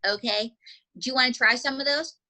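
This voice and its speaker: A woman's voice: high voice, fairly quick, pushed and bright, poor audio. A woman ventriloquist giving chatty, demonstrative instruction in a casual lesson. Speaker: ventriloquism teacher.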